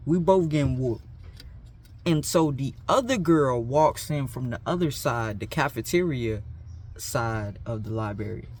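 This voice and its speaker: A man's voice: mid-range voice, animated, unhurried, a little hiss or hum. A young man telling a school story in a casual, slangy, self-mocking way. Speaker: vlogger.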